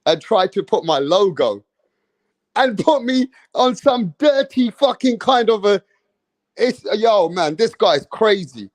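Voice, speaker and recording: A man's voice: high-pitched, expressive, slow pace, no echo. A man ranting in a boastful, profane and heated way as a boxing YouTuber. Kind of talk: ranting commentary.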